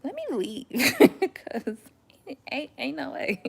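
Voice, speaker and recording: A woman's voice: high voice, huge pitch swings, very slow, gravelly. A young woman chatting casually as a mom, telling stories with slangy asides and frequent laughter. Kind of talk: casual chat.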